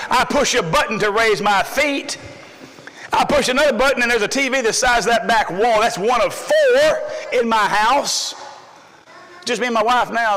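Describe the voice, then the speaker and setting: A middle-aged man, preaching a folksy sermon full of stories, swinging between loud emphasis and low asides. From Texas. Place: church sanctuary. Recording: long hall reverb.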